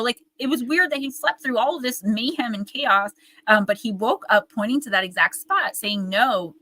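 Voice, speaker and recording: A woman in her forties, a medium and author, telling stories in a casual interview with an animated manner and many fillers. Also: mid-range voice, no room sound, poor audio. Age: 40s.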